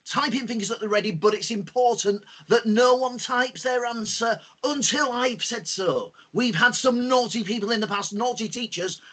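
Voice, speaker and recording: Upbeat male host teaching kids online, high voice with a husky edge, lots of ums. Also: normal speed, hardly any pauses. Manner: lively, expressive teacher talk with fillers. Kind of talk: online lesson for school pupils.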